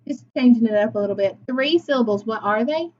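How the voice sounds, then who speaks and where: A woman's voice: fairly high pitch, fast talker, a little mellow, muffled recording, a little hiss or hum. A woman teacher leading a phonics lesson for young children, patient and praising as she sounds words out.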